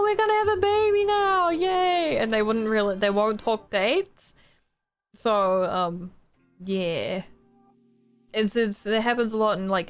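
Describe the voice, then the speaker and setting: A woman's voice: medium pitch, fairly bright tone. A young woman streaming live, telling stories in a casual, chatty way and now and then acting out the people in them. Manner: chatty, laughing, acts out quoted people. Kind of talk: casual storytelling chat. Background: faint music.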